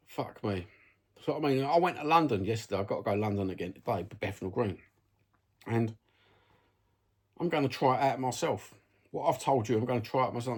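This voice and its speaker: A man's voice: medium pitch, husky. A man with a Cockney accent, ranting bluntly and swearing a lot in a casual vlog. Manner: sweary, blunt, chatty with frequent "you know what I mean". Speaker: vlogger. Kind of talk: casual rant to camera. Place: at home, seated.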